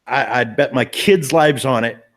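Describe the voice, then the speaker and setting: A man's voice: mid-range voice, a little slow, gravelly, a bit bright. A man, a paranormal investigator, telling a story in a casual live-stream chat, earnest and emphatic, often repeating himself and restarting sentences.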